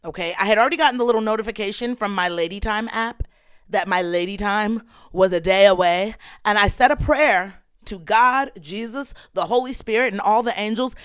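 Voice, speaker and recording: A woman in her thirties hosts a casual podcast and tells her listeners a personal story. She is tearful, yet her voice stays smooth and resonant. She speaks expressively into a dry, close microphone. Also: medium pitch, a little fast, dry recording. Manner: emotional, expressive storytelling, addresses listeners as y'all. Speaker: podcast host. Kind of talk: casual personal vlog talk.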